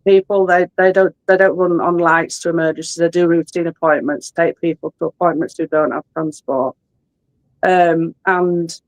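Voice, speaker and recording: A woman's voice: lowish voice, dry recording, poor audio. A woman in her forties with a Yorkshire English accent, an ambulance worker chatting as an interview guest, explaining things with frequent restarts. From Yorkshire, England. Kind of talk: casual interview talk.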